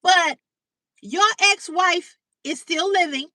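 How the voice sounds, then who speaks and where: A woman hosting a livestream, telling a story to her chat in a blunt, animated way, swearing freely and greeting viewers by name. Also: extremely high pitch, takes it slowly, dry recording. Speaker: livestream host. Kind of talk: casual storytelling to live chat. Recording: dry, slightly distant mic.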